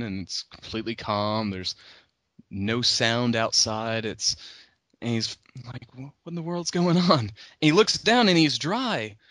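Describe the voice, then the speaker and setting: Bright-voiced man, animated storyteller. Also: no echo. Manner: animated, acts out characters' lines with raised pitch. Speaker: podcast host. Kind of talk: casual retelling of a book's story.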